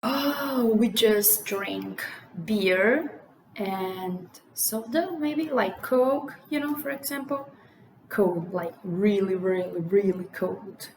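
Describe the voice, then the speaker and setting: Slow-talking Brazilian woman in an echoey room. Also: mid-range voice, a little mellow. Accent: Brazilian Portuguese. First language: Portuguese. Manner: chatty, many fillers like "like" and "you know". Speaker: vlogger. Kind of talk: casual explaining to camera. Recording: echoey room with faint ambient noise.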